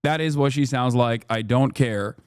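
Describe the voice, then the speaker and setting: A man's voice: medium pitch, normal speed, clear, resonant tone, no room sound, studio quality. A man hosting a live-stream, reacting to a video with blunt, exasperated commentary and some swearing. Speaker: streamer host.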